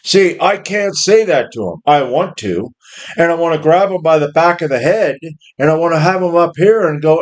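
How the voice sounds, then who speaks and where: Middle-aged guy going off on a profane rant, kinda high voice, rambly. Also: expressive, moderate pace. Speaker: worker ranting about jobs. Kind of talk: angry monologue rant.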